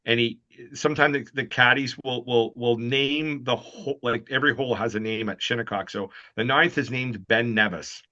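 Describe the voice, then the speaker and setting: A man's voice: mid-range voice, normal speed, hardly any pauses, bright, forceful tone, no room sound. A man co-hosting a casual interview, telling rambling stories with many restarts. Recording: dull lo-fi recording.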